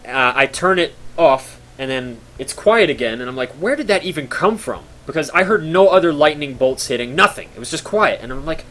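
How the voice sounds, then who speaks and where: A man's voice: mid-range voice, expressive, a little fast, few pauses, fairly bright tone. A young man telling a story casually to his stream chat, with rambling fillers and mock-horror drama.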